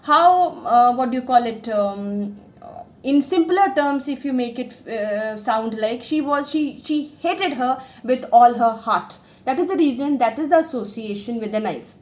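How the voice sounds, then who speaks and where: A woman teaches English literature, walking through a short story line by line. Her voice sits high and she talks fast, piling up fillers and restarting her sentences as she explains. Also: lively intonation, darkish tone.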